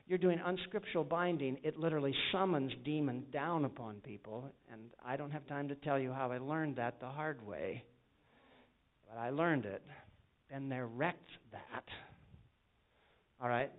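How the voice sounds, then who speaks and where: A man's voice: medium pitch, normal speed. A man preaching a sermon as an evangelist, telling stories in an earnest way and acting out the voices of the people he quotes. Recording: tinny phone-like sound.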